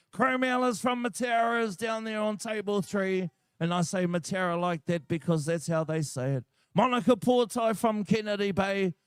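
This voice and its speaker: A man's voice: high voice, smooth, no echo, clean studio sound. A man with a New Zealand accent announcing a shearing contest, joking and chatting with the crowd. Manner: jokey, chatty, banters with the crowd. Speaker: competition announcer. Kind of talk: live event commentary over a PA.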